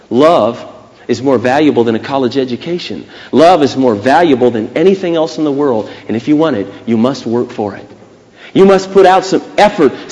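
A man's voice: medium pitch, a little mellow. Emphatic male preacher in a reverberant hall. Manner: emphatic, with dramatic pauses. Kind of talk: sermon. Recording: long reverb of a church hall.

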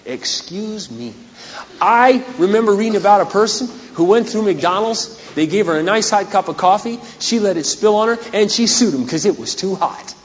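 A male pastor delivering a sermon with dramatic, humorous flair, his voice slightly raised and worn hoarse. He sounds like he is in a large church hall with long reverb, and the dull recording has faint background noise. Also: high-pitched, a little fast, hardly any pauses. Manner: dramatic and humorous, acts out scenes. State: voice going hoarse.

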